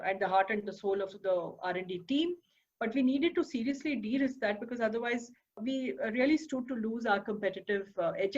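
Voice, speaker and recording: A woman, an interview guest telling her business story in an articulate, measured way with occasional fillers. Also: fairly high pitch. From India. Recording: slightly dull, lo-fi audio.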